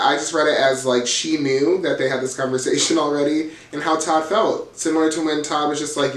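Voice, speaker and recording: A man's voice: on the high side, brisk, far from the mic. A man hosting a casual reality TV recap, telling the drama in a gossipy, profane, dramatic way. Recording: roomy, from off the mic.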